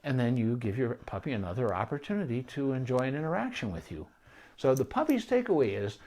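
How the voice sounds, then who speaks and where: Man explaining puppy training calmly. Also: medium pitch. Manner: conversational, explanatory, with asides and restarts. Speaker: veterinarian. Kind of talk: informal teaching on puppy training.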